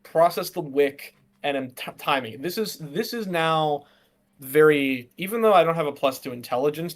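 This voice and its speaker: A man plays a tabletop game and lays out his plans. His voice is a little high. He talks fast and eagerly, and often restarts his sentences. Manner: quick, excitable, restarting sentences. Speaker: player.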